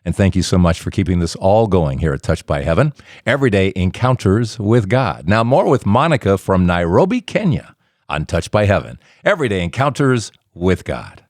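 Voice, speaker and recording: A man's voice: low-pitched, sing-song, normal speed, darkish tone, dry recording, clean studio sound. A man hosting a faith podcast, retelling a guest's story with folksy asides. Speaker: podcast host.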